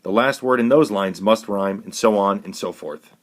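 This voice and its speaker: Measured male teacher, lower voice. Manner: clear, measured, instructive. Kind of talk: recorded classroom lesson.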